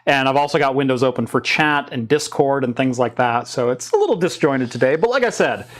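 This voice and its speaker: A man's voice: mid-range voice, lively intonation, fairly quick. Man, 30s, US West Coast accent, podcast host, casual chat, rambling, restarts. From Oregon, US. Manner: rambling, many restarts and fillers.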